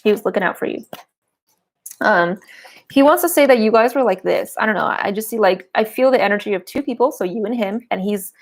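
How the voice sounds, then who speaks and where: A woman's voice: mid-range voice, fairly quick. A woman giving a live-streamed tarot and oracle card reading, chatty and giggly, with a lot of "like" fillers.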